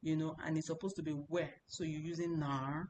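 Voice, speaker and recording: A young woman teaching a lesson in a slightly low voice, patiently going over each word more than once and checking that her students follow. A faint rumble sits under the recording. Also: little pitch movement, fairly quick, dark tone, low-quality recording. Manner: explains patiently, repeats words and checks understanding. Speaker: language teacher. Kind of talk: explaining a lesson.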